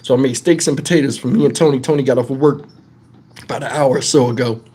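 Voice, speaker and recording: A man's voice: mid-range voice, fast talker. A man hosting a live stream, telling casual profane stories and laughing along. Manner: animated, profane, laughs through his stories.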